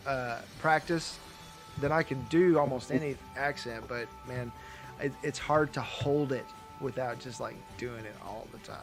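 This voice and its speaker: A man's voice: mid-range voice, unhurried, over music. A man co-hosting a casual chat show, rambling through his points with lots of fillers, restarts and laughs. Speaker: podcast co-host.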